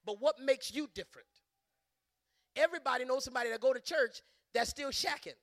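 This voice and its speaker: A middle-aged man preaching a sermon as a bishop, impassioned, surging to loud emphatic peaks, with stammering restarts and repeated words. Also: very high-pitched, a little fast, vocal fry, no echo.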